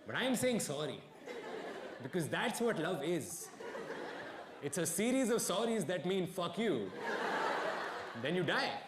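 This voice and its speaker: A young man performs stand-up, his fairly high voice swinging widely between dry deadpan asides and mock outrage. He is captured on stage in a roomy, echoing venue, with clear audience noise around him. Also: measured pace, long pauses. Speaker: stand-up comedian. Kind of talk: stand-up comedy set. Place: stage before a live audience. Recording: echoey live venue with crowd noise.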